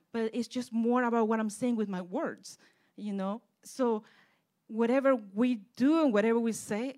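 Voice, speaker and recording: A woman preaching and telling a personal testimony, fervent, dropping soft and then rising loud. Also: fairly high pitch. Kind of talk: sermon testimony.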